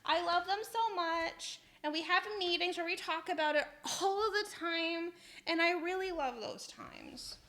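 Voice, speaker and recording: A woman's voice: extremely high pitch, a little slow, pushed and bright, pitched above the performer's own voice, full character voice. A woman mimicking a gushing grumpy male professor.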